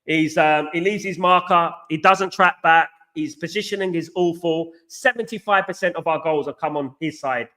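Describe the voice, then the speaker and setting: A man's voice: fairly high pitch, moderate pace, hardly any pauses, pushed and bright. A man hosting a casual live chat, reading out viewer comments and answering emphatically, often repeating himself. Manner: emphatic, repeats "absolutely" and "you know what".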